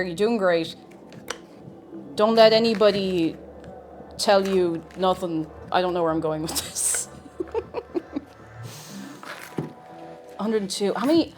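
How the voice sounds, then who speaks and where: This young streamer bakes live from her home kitchen, chatting and rambling, saying hello to viewers and making fun of herself while faint music plays. She speaks on the low side at a measured pace, expressively and with frequent pauses.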